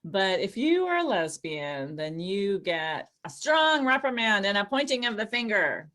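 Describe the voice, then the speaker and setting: Animated middle-aged woman doing stand-up. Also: unhurried. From Los Angeles. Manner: animated, jumps into high squealing voices for quoted people. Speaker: stand-up comedian. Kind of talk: stand-up set.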